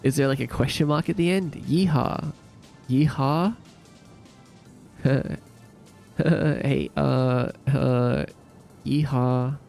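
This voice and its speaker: A man's voice: mid-range voice, flat delivery, takes it slowly, gravelly, darkish tone, faint music behind. A young Australian man with an Australian accent, casually chatting on a live stream and joking around with silly impressions. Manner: laid-back, jokey, trying silly impressions. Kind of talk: casual live-stream chat reading comments.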